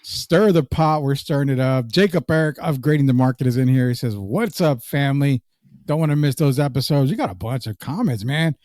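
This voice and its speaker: A man's voice: medium pitch, a little fast, darkish tone, no echo, clean studio sound. A man co-hosting a casual sports podcast, joking and reading live comments aloud. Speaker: podcast co-host.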